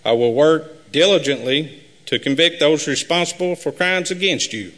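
A man running for sheriff, reading a prepared campaign speech at a live forum in an earnest, measured way. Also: fairly high pitch, a bit bright. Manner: earnest, measured, repetitive pledges. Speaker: sheriff candidate. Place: high school forum hall. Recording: live hall with long reverb.

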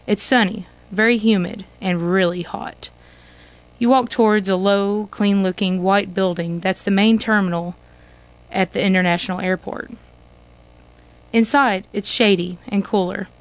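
Brief: woman storyteller, clear and measured, guiding the listener through a choose-your-path tale. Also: mid-range voice. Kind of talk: second-person interactive story narration.

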